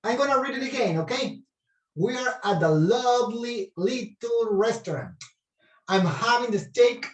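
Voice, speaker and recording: Slow-speaking woman teacher, roomy and distant. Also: on the high side, animated, a little mellow. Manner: slow, careful reading with Spanish translations. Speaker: English teacher. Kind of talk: bilingual classroom teaching. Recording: roomy, distant classroom recording.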